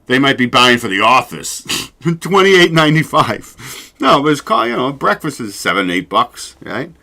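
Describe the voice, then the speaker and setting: Man, talk show host, loose rambling chat, lively pitch, bright sharp tone, salty language. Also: moderate pace, creaky. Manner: rambling, swears freely, laughs often. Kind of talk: casual solo livestream chat.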